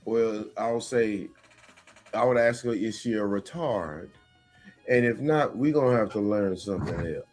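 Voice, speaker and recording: A man's voice: on the low side, a little slow, darkish tone, faint music behind. A man in casual chat, blunt and joking. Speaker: podcast guest.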